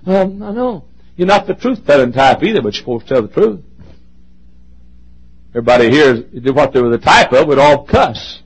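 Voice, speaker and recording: Male pastor, impassioned sermon, expressive delivery with wild pitch swings, slightly high voice. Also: normal speed, slightly rough, low-quality recording. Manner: impassioned, swings from shouts to near whispers; joking asides.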